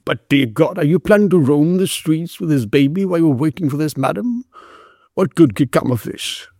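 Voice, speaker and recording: A man reading a story, voicing a gruff but kindly constable who growls his questions. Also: on the high side, expressive, normal speed, warm tone, dry recording, studio quality, voice pushed up. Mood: concerned. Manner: growling, stern then sympathetic.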